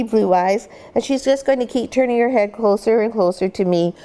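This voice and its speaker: Gentle woman dog breeder teaching. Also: on the high side, moderate pace. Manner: gentle, cooing baby talk to the puppies. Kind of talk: instructional demonstration.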